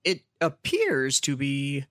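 A man's voice: medium pitch, huge pitch swings, takes it slowly, a bit bright, no room sound. A man co-hosting a podcast, bantering loosely and trailing off mid-sentence. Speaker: podcast co-host. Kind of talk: casual banter.

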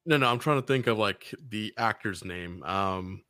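Man, podcast co-host, casual chat, playful, laughs easily, animated pitch, dry recording. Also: moderate pace, no echo.

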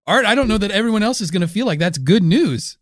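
A man co-hosting a comedic podcast, dry and playful with quick wisecracks. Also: high-pitched, lively intonation, no echo. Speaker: podcast co-host. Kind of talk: comedic conspiracy podcast banter.

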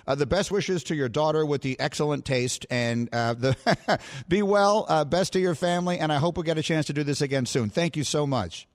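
A man's voice: fairly high pitch, moderate pace. A man hosting a sports radio interview, asking his guest questions in a conversational way. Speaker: radio host.

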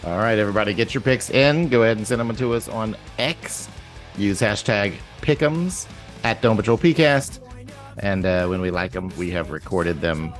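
Very deep-voiced laid-back co-host. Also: male voice, normal speed, soft background music. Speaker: podcast co-host. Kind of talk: casual sports chat.

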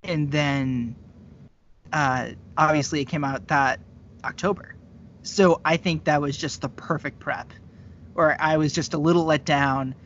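A man's voice: on the high side, unhurried, fairly bright tone, a little hiss or hum. A man chatting casually on a podcast, rambling and laughing often. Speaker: podcast co-host. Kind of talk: casual chat. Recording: dull lo-fi sound.

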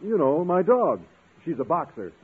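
Earnest, shy science teacher, husky voice; old radio sound. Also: male voice, fairly high pitch, very animated, moderate pace, full character voice. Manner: bashful, earnest. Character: shy, gentle male biology teacher who loves animals. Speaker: schoolteacher. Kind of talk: 1950s radio sitcom acting. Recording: tinny old radio broadcast.

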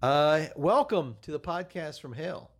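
A man's voice: a little high, animated, unhurried. Comedy podcast: exasperated straight-man host of a podcast in hell, played by a man. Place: podcast studio.

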